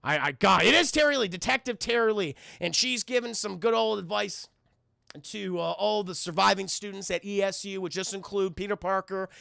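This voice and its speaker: A man casually recapping a cartoon episode for live-stream chat, swearing often and talking in animated bursts. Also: high-pitched, brisk, vocal fry, no room sound, clean studio sound. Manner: profane, animated, talks to chat.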